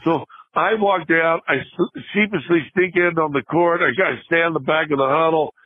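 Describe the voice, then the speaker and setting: Older man, higher-pitched, husky, tinny phone line, animated storyteller. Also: normal speed. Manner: animated, laughing storyteller with many restarts. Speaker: podcast guest, former basketball player. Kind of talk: casual storytelling.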